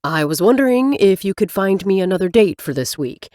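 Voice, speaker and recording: A woman narrator voicing a cocky, sarcastic young doctor in her own lower register. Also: lively intonation, a little fast, warm tone, no room sound, close to an everyday voice. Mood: teasing. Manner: dry, teasing delivery.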